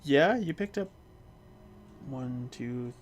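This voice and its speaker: A man acting as game master, describing an online tabletop game scene haltingly, with many fillers. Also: mid-range voice, lively intonation, a little hiss or hum. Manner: hesitant, filler-heavy description.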